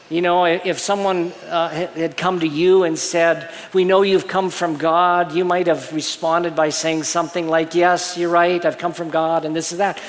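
A male pastor preaches in an earnest, explaining way, backing up and restarting phrases as he works through his point. His voice sits a little high for a man. The sound carries the long reverb of a church hall. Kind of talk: sermon. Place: church sanctuary.

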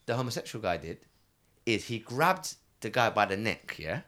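A man's voice: fairly low pitch, sing-song, normal speed, crowd noise. A man, a taxi driver telling slangy anecdotes in casual chat.

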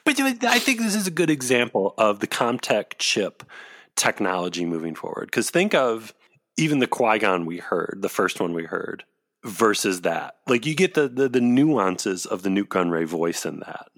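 A man's voice: on the low side, very animated, moderate pace, fairly bright tone. A man co-hosting a casual comedy chat with playful, wry asides. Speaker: podcast co-host.

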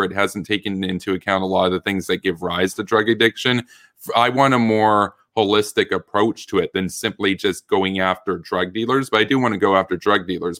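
A man arguing his side in a political debate, earnest and halting, often restarting his sentences. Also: low-pitched, fairly bright tone, no room sound, studio quality. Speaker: debate guest.

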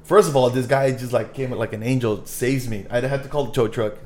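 A man co-hosting a podcast, swearing freely and getting animated as he tells a story in casual chat. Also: mid-range voice, a little fast. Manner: swears a lot, animated when retelling a story. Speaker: podcast co-host.

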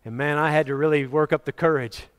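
A man preacher delivering a sermon, telling personal stories in a lively way and acting out the voices of the people in them. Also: fairly high pitch, fast, clean tone. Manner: animated storyteller, acting out quoted voices.

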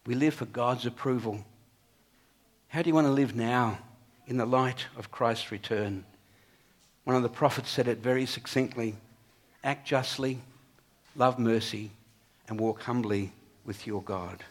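A man preaching a sermon in an earnest way, swinging between emphatic peaks and quiet, low passages. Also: measured pace, long pauses.

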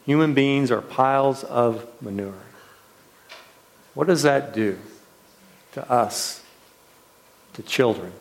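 A man's voice: mid-range voice, takes it slowly, vocal fry, pauses often. A man leading a retreat, preaching earnestly, often repeating words and posing questions to his listeners. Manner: earnest, repeats words, trails softly then lifts with rhetorical questions. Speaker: retreat leader. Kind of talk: sermon. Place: retreat gathering room.

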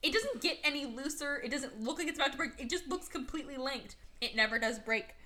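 A young woman hosting a podcast, casually recapping a movie with sarcasm, lots of fillers and quick quoted voices. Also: high voice, expressive, sharp tone. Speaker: podcast host.

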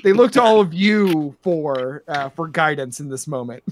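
A man narrating a tabletop game as game master, rambling and filling pauses with lots of uhs. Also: fairly high pitch, expressive.

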